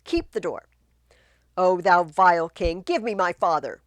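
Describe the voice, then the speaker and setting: A woman reading the part of a furious young nobleman bent on revenge, shouting verse. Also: on the low side, measured pace, no echo, close to an everyday voice.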